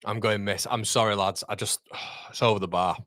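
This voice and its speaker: A young man reacting live to a football match for his fan channel, swinging from groans to excited shouts. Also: on the low side, brisk, no room sound, studio quality.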